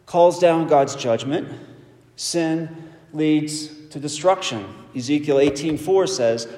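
A man delivers a sermon in a measured, emphatic way, drawing out the key words. His voice sits high for a man, and it rings through a large hall with a long, roomy reverb. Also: darkish tone. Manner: emphatic, measured preaching with slow stressed phrases. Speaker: preacher.

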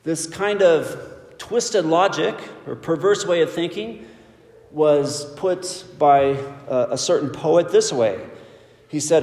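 Emphatic preacher in an echoing hall. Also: male voice, on the high side, darkish tone. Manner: emphatic, measured preaching with slow stressed phrases. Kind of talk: sermon. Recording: echoey hall with long reverb.

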